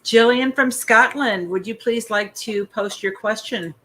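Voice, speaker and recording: A woman's voice: on the high side, measured pace, bright, forceful tone, slight background noise. A woman hosting a casual live stream, chatting and reading out viewers' questions. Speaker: host.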